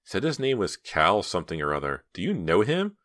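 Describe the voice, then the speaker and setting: A man voicing teenage girls in an audiobook, raising his voice above his own low register for their dialogue. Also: wildly swooping pitch, brisk, no echo, full character voice. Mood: chatty. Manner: lifts his voice higher and louder for the girls.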